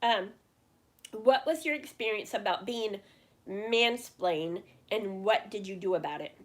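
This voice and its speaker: This livestream host is a middle-aged woman whose voice sits at medium pitch and moves at a measured pace. Chatting casually and taking viewer questions, she rambles through fillers and restarts and speaks openly about her feelings.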